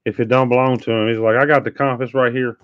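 A man's voice: mid-range voice, level tone, fast. A man hosting a live trading card break, chatting casually and teasing viewers with sing-song hype calls. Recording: dull lo-fi stream audio.

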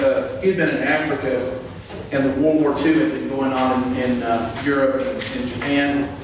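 A man's voice: mid-range voice, slight background noise. A man preaching a sermon as pastor, talking conversationally and building to impassioned emphasis. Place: church sanctuary. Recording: echoey church hall, mic far off.

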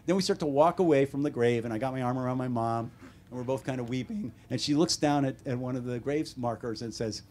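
A man in his seventies with an American accent, an author telling wry, deadpan stories at a bookstore talk. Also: medium pitch, brisk, slight background noise. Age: 70s. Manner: wry, deadpan humor with animated quoted voices. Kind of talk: casual storytelling Q&A. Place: bookstore event room.

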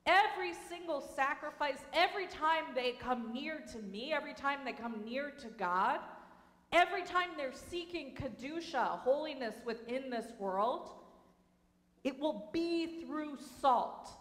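A woman voicing God as a gentle, reassuring creator who makes a promise, in a soothing storytelling cadence. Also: sits high, expressive, unhurried. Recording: reverberant sanctuary hall.

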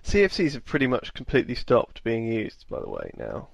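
A man's voice: medium pitch, wildly swooping pitch, fairly quick, creaky, husky, no echo, highs cut off. A man from England hosting a podcast, chatty and playful, laughing easily and quizzing his co-host. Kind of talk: casual comedy chat.

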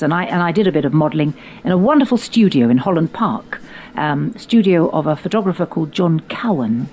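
An older English woman reminisces with theatrical flair, dropping her voice low for asides and lifting it for quoted lines. Her tone sits a little low, and a faint hiss lies under the recording. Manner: animated storyteller, theatrical quoted voices, frequent laughs. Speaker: podcast host recalling her youth. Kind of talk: reminiscing conversation.

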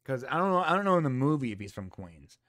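A man's voice: medium pitch, fast talker. A man co-hosting a casual movie review chat, talking animatedly and acting out what characters might say. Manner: animated, acts out characters' lines in quotes. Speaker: podcast co-host.

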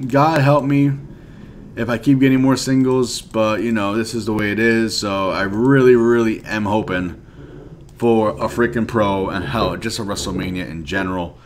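A young man giving casual commentary on a mobile card game, ranting in frustration, swinging from mumbled asides to loud outbursts. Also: mid-range voice, a little hiss or hum. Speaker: mobile game video creator.

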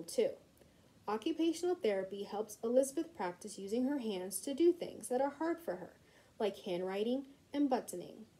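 A woman reading a children's storybook aloud in a gentle, expressive way. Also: fairly high pitch, rough recording. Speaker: reader.

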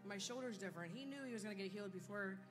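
A woman's voice: medium pitch, very fast, low-quality recording. A woman visiting a church meeting, telling a healing testimony in an earnest, plain way. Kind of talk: spoken testimony. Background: music playing.

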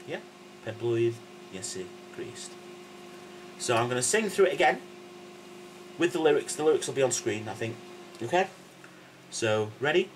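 A man's voice: mid-range voice, expressive, normal speed, a little hiss or hum, poor audio. A man giving a casual video lesson as a teacher, patient and playful, constantly checking in with the listener. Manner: playful, jokey asides. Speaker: language and singing teacher.

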